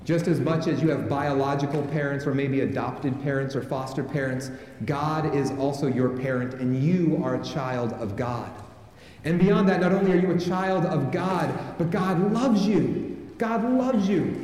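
Male pastor, mellow tone, preaching to and prompting a congregation, heavy hall echo. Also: medium pitch, normal speed. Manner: calls on the congregation to respond. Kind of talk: sermon. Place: large church sanctuary with a congregation. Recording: echoey hall with long reverb.

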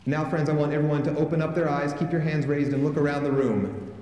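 A man preaches a sermon and calls on his congregation to respond. His voice sits a bit high and sounds dark and mellow. It rings through a large church hall with long, echoing reverb. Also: fairly even intonation, fast talker. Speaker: pastor.

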